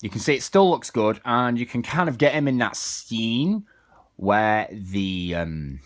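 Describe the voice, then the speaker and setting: Man, lowish voice, casual toy review, hands-on demo talk. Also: animated, unhurried. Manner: chatty, hands-on demonstrating.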